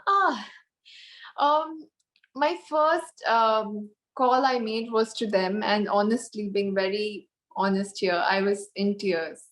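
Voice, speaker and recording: A young woman from India, in her twenties, speaks as an interview guest over a video call. She sounds earnest and openly emotional, pausing with thoughtful fillers as she gathers her words. Her pitch sits in the middle for a woman. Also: fairly bright tone. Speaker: pageant contestant guest. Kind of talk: candid interview chat.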